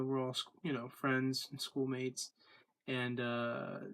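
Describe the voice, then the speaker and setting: Vlogger man recapping his day; flat, even-toned, loose and rambling with fillers. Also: mid-range voice. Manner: rambling, many fillers and restarts. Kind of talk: casual daily video diary.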